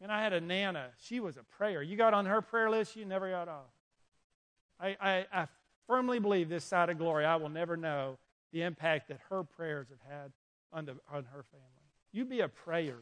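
High pitched guy w/ preaching to a room of young people, lively storytelling. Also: moderate pace. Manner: animated, storytelling, urges listeners directly. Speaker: youth pastor. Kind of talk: sermon. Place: indoor room with an audience.

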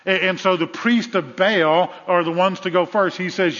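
A pastor with a Southern US accent preaching a sermon in a church, retelling a story with animated repetition. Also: male voice, sits high, moderate pace. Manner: animated storytelling with repeated phrases. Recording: echoey hall, dull lo-fi sound.

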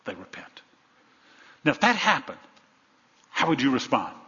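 A male pastor delivering a sermon, firing rhetorical questions at the congregation and swinging between loud emphasis and hushed asides. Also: mid-range voice, wildly swooping pitch, normal speed. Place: church sanctuary. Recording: dull lo-fi sound with long hall reverb.

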